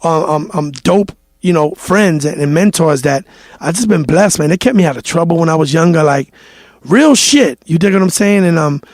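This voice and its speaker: New man in his thirties, high-pitched, dry close mic; animated guest storyteller. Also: moderate pace, dry recording. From New York. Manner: animated storyteller, acts out quotes, swears freely. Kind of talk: casual interview storytelling.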